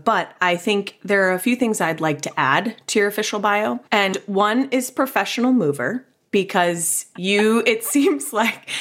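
A woman's voice: mid-range voice, fairly bright tone. A woman hosting a podcast interview, chatty and enthusiastic. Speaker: podcast host. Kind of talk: casual interview chat.

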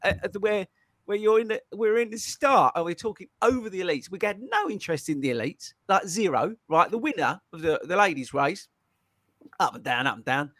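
A man hosting a running podcast, telling stories in an excitable, animated way. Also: high-pitched, brisk, no room sound, clean studio sound. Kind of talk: casual chat.

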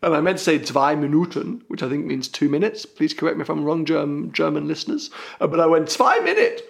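A young British man with a British accent and a slightly higher voice that is full of fry and gravel. He hosts a podcast in a loose, self-deprecating way and wanders a bit with lots of ums and uhs. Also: fairly even intonation, a little fast. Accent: British English. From Britain. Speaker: podcast host. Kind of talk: casual podcast chat.

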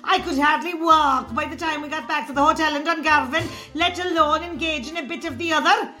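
A woman doing a brash, bright-voiced Cork caller. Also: high-pitched, steady tone, a little fast, faint music behind. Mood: exasperated. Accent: Cork Irish. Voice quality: blunt, exasperated. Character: brash rural Irish woman caller, middle-aged. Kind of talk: comedy sketch.

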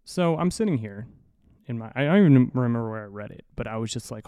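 A man's voice: medium pitch, animated, quick pace, mellow, smooth, no room sound. A man hosting a podcast, telling a long story in a rambling, profane, self-deprecating way through a studio mic. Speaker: podcast host. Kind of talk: casual storytelling monologue. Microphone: studio mic through an audio interface.

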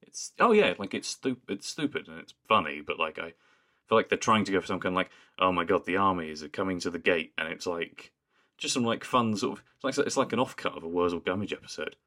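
Deep-voiced amused male podcast co-host. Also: animated, quick pace, pushed and bright. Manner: rambling, amused, laughs often. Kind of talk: casual chat.

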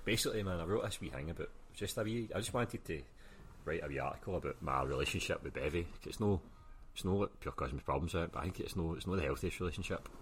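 A man's voice: low-pitched, animated, slight background noise. A young Glaswegian man, an author guest, chatting casually on a podcast and swearing freely, often laughing and acting out what other people said. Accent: Glaswegian Scottish. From Scotland. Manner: swears a lot, quick and laughing, acts out quoted people.

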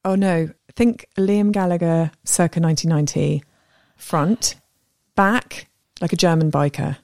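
A woman in her thirties co-hosting a podcast, telling stories in a lively, animated way and acting out voices. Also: fairly low pitch, a little slow, no echo, clean studio sound. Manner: animated storyteller, acts out voices. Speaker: podcast co-host. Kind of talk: casual chat.

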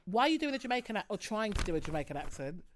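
A woman's voice: medium pitch, big pitch swings, rapid-fire, slight background noise. A woman co-hosting a podcast, telling stories in casual chat, swearing and mimicking voices. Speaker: podcast co-host.

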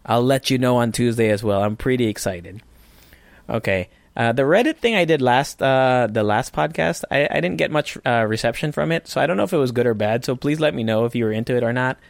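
A man's voice: medium pitch, fairly quick, creaky, dry recording. A man hosting a casual solo podcast, rambling and swearing freely with frequent restarts. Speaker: podcast host.

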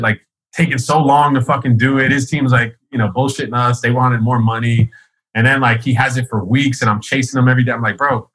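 Husky, forceful man telling a story. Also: mid-range voice, rough recording. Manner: rambling, profane, laughs often. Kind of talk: casual storytelling.

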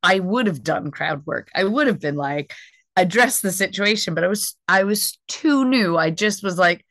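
A young American woman, a stand-up comedian, telling a story in casual chat, animated and laughing often. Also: lowish voice, moderate pace, no echo. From United States.

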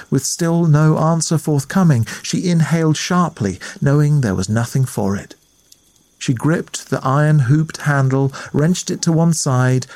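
A man reading a ghost story aloud in a measured, atmospheric way as the storyteller. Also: mid-range voice, a little mellow, no room sound. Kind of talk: scripted narration of a ghost story.

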